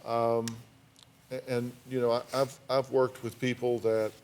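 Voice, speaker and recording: A man's voice: medium pitch, little pitch movement, a little slow, a little mellow, a little hiss or hum. A man hosting a daytime talk show, asking pointed, probing questions of his guests.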